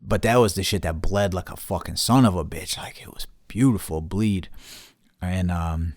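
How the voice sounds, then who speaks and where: A man's voice: lowish voice, moderate pace, no echo, studio quality. A man telling a story in casual podcast chat, profane, heated and rambling. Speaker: podcast host.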